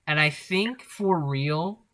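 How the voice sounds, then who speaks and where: A young man with a slightly high voice talks in a casual podcast chat. He is animated and swears freely, often breaking into laughter. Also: takes it slowly. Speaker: podcast co-host.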